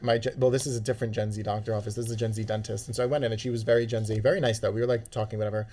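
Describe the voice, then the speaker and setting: A man co-hosting a podcast in casual, comic chat, joking and acting out what people said. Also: fairly low pitch. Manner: fast, animated, jokey, acts out quotes. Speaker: podcast co-host.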